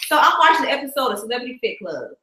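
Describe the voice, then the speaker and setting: Animated high-voiced woman host in an echoey room. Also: racing. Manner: animated storyteller, acts out quotes. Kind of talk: casual faith talk chat.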